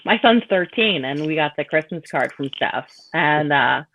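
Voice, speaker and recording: A woman's voice: low-pitched, animated, normal speed, fairly bright tone, a little hiss or hum. A woman guest in a casual chat, telling stories about her son and laughing easily. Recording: dull dry line.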